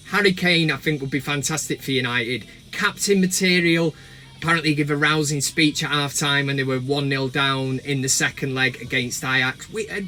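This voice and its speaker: A man hosting a casual football chat from inside a van while driving, with cheeky, animated banter. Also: on the high side. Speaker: host.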